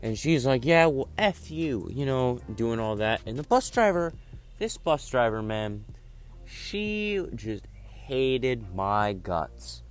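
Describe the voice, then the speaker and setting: A man's voice: medium pitch, sing-song, takes it slowly, clean tone, soft background music. A teenage guy telling a school story casually, rambling with lots of fillers. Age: teens. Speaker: vlogger. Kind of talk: storytime vlog.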